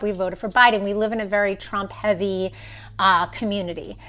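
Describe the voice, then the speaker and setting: A woman's voice: medium pitch, moderate pace, a bit bright, faint music behind. A woman in her thirties on a phone live stream, telling a story in an emphatic way and acting out the people she quotes. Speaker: vlogger.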